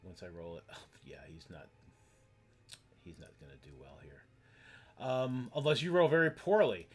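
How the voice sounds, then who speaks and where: A man running an online tabletop game as game master, explaining rules in halting, rambling sentences full of fillers. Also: medium pitch, wildly swooping pitch.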